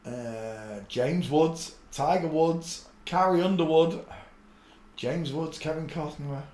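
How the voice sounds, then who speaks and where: A man's voice: fairly high pitch, slow, a little mellow. A man hosting a casual live stream, rambling and muttering to himself as he searches for clips. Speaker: channel host. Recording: echoey room.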